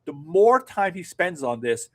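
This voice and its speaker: A man's voice: high voice, big pitch swings, measured pace, darkish tone. A middle-aged man co-hosting a political talk show, ranting sarcastically and swearing often. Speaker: political podcast co-host. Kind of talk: casual political commentary.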